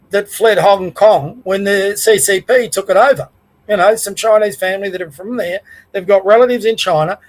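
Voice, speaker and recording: High-voiced Australian man ranting casually. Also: rough recording. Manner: rambling, conversational, plain-spoken. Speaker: podcast host. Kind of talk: casual political rant.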